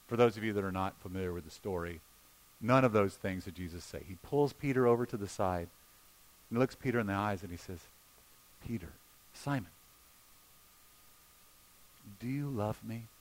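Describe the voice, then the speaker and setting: Expressive male pastor preaching. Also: on the low side, fast talker. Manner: expressive, drops to a hushed voice for quoted scenes. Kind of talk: sermon.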